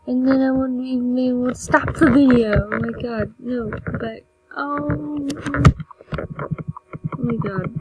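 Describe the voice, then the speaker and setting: A woman's voice: fairly high pitch, highs cut off, a little hiss or hum. A young woman giving casual, chatty commentary over a game she is playing, mocking herself and now and then dropping into a whisper. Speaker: gameplay video maker.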